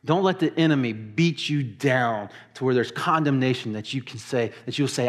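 A middle-aged man preaching a sermon, swinging between loud emphatic bursts and hushed, quiet asides. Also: mid-range voice, moderate pace, hardly any pauses. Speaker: pastor.

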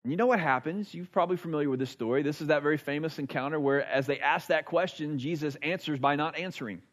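A man preaching at a church service, with a voice pitched a little higher than most men's. He talks in an earnest, conversational way and stacks repeated phrases to build his point. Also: fast. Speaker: pastor. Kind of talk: sermon.

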